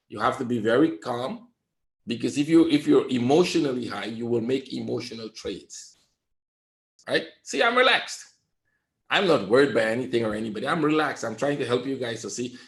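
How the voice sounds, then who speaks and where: Male trading coach, lecturing bluntly on a webinar, echoey room sound. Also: mid-range voice. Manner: lecturing, blunt, repeats "right?".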